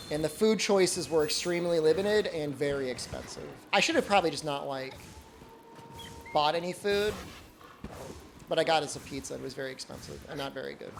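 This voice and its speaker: A man's voice: fairly high pitch, a little hiss or hum. A man streaming a game, chatting casually and jokingly, rambling with lots of "like" fillers. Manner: rambling, heavy use of "like", joking. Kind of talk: casual chat while gaming.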